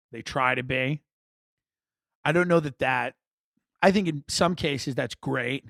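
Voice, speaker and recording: A man hosting a podcast, telling comic stories in a rambling, wry, animated way. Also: medium pitch, dry recording, clean studio sound. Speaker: podcast host. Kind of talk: comic storytelling monologue.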